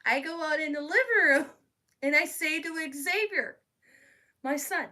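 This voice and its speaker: A woman's voice: sits high, measured pace, bright, forceful tone, recorded from a distance. A middle-aged woman telling stories in a casual live-stream chat, laughing often as she talks. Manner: chatty storyteller who laughs often. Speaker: craft channel host.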